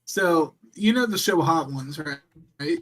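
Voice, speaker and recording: A man's voice: fairly high pitch, expressive, a little slow, fairly bright tone. A man co-hosting a casual wrestling watch-along chat, rambling and packing his talk with fillers. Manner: rambling, filler-heavy, chatty. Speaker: co-host.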